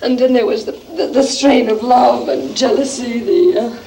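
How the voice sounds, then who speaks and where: A weary young actress in a stage play, her high voice slipping into breathless whispers and breaking into outbursts. A faint hiss of noise runs under the recording. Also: steady tone, moderate pace, vocal fry, mellow, low-quality recording. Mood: despairing. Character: young actress, worn out and overwrought.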